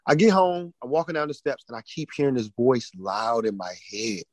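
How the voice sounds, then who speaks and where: A man on a podcast telling an emotional personal testimony, often restarting and repeating words, swinging between loud and hushed. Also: medium pitch, sing-song, brisk, few pauses, no room sound, poor audio. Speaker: podcast guest.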